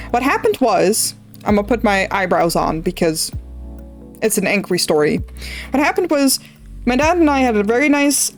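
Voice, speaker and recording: A young woman streamer from the Netherlands, casually rambling through a story while drawing, swearing freely. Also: fairly high pitch. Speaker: art streamer.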